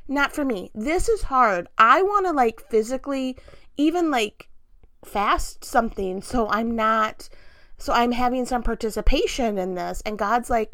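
A woman's voice: fairly high pitch, a little slow, dry recording, studio quality. A woman giving an earnest, chatty devotional talk, full of fillers and direct questions to the listener. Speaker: Christian devotional speaker.

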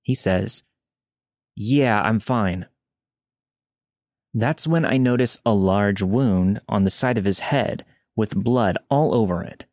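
Guy reading a scary story out loud, calm and measured, lowish voice, dry sound. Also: dry recording. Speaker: podcast narrator. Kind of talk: scripted narration of a listener's story.

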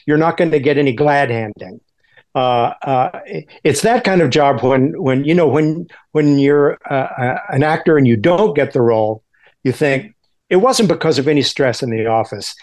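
A man being interviewed as a guest actor, talking in a halting way with many restarts and fillers. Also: on the high side, expressive, a little mellow. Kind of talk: casual interview chat.

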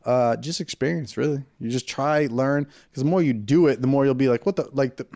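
A young adult man on a comedy livestream, chatting casually and acting out bits in high silly voices. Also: brisk, dark tone, dry recording, studio quality. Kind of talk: casual chat.

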